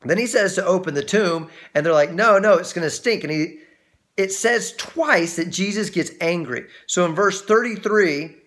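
A pastor teaches on a Bible passage in a conversational manner, often restarting his sentences. He speaks at a normal speed in a high-pitched voice and grows lively when acting out quoted voices.

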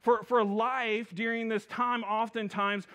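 A man preaching a sermon as a minister in a church, energetic, calling out to the congregation and often repeating and restarting his phrases. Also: extremely high pitch, unhurried. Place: church sanctuary.

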